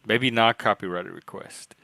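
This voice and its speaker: A man hosting a casual panel chat, rambling and hesitant, often trailing off quietly. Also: on the low side, normal speed, gravelly, dry recording. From United States. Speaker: podcast host.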